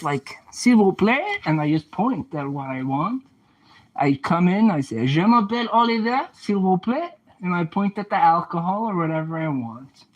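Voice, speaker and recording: A man's voice: a little high, rough recording. A young man livestreaming casually, chatting back to viewer comments and playfully trash-talking an oven as he cleans it.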